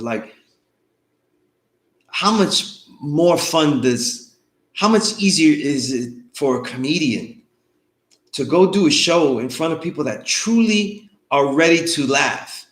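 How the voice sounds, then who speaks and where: A man teaching an online course lectures loosely and conversationally in a medium-pitched voice, with a reverberant sound. He checks in with students often, frequently asking "you know what I mean?"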